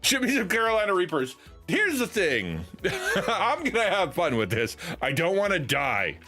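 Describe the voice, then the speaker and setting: A man's voice: sits high, wildly swooping pitch, moderate pace, pushed and bright, soft background music. A middle-aged man chatting casually on a live stream from his home setup, rambling with many restarts. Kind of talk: casual livestream chat.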